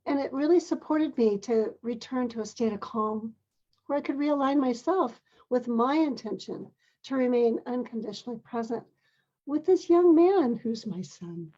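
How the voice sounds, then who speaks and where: An older woman, a parent and grandmother, telling a personal story in a gentle, earnest, measured way, now and then clearing her throat. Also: a little high, expressive, lo-fi sound.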